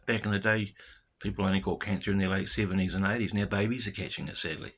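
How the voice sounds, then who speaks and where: A man from New with a low, husky voice, holding forth in a loose vlog monologue. He stumbles and repeats himself as he pushes his point, piling up rhetorical questions. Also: fairly even intonation, fast, fairly bright tone. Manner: ranting, repeats words, fires off rhetorical questions. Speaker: vlogger. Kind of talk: casual spoken monologue to camera.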